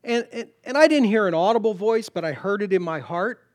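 Emphatic preacher man, pitch on the high side. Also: animated, fairly quick. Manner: emphatic, repeats words, rising to loud punchlines. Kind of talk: sermon.

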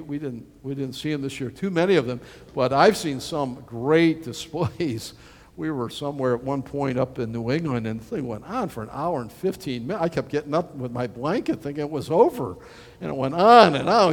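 A male preacher delivering a sermon in a folksy, animated way, acting out the people he quotes. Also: fairly high pitch. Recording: long reverb of a large hall.

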